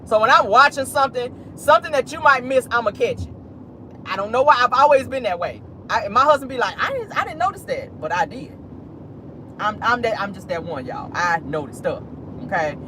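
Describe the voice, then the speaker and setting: Woman host doing petty, sassy commentary from her car, very animated voice, light outdoor hum. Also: on the high side, a little fast. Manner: sassy, petty, talks straight to viewers with lots of "honey" and "y'all". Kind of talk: casual commentary vlog from a car. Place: parked car.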